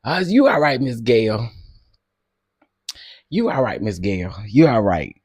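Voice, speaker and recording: A man hosting a casual livestream, talking to his chat in an animated way and laughing often. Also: mid-range voice, a little slow, long pauses, breathy edge, no echo, studio quality. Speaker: livestream host.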